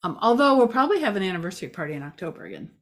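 A woman's voice: on the low side, very animated, racing. A woman giving a casual local news update outdoors near a parking lot, chatty and rambling, with many fillers and self-mocking asides.

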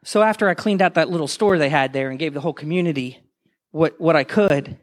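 A man preaching a sermon to a congregation, telling a story with passion and rising at times to shouts. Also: on the high side, a little fast. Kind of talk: sermon testimony.

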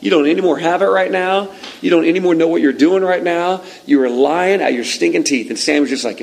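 A man preaching a sermon in a relaxed, conversational way, retelling a scripture story and acting out its moments. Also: a little high, fairly quick, vocal fry, rough recording. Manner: conversational, animated storytelling that acts out the scene. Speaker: pastor.

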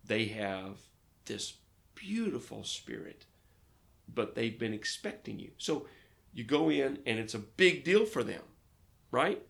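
A man from Arkansas, a pastor, telling lively stories in a casual interview and acting out the dialogue. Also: mid-range voice, slow, creaky. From Arkansas, United States. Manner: lively storyteller who acts out dialogue.

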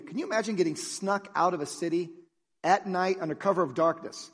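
A male pastor preaching with energy and humor in a fairly high, husky voice. He tells stories in an animated way, and the long reverb of a church auditorium trails after his words. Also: fairly quick. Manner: energetic, jokey, animated storytelling. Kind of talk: sermon.

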